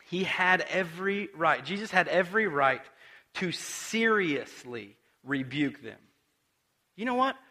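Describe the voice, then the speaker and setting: A male pastor delivers a conversational sermon in a high, bright voice. His pitch swings widely as he tells the story in an animated way and turns to ask his listeners questions. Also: unhurried. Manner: animated storytelling with acted quotes and direct questions to the audience.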